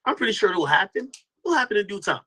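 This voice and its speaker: A man's voice: sits high, big pitch swings, quick pace, bright, forceful tone, poor audio. A man hosting a casual commentary stream, talking loosely to his chat with lots of restarts and slang. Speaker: host reacting to a stream clip.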